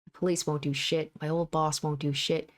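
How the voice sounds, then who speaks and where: A boastful, brutal young male thug, voiced by a woman reading aloud who gloats and swears constantly. The low voice stays close to an everyday reading voice. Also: flat delivery, moderate pace, close to an everyday voice. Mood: gloating. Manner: boastful, profane bragging.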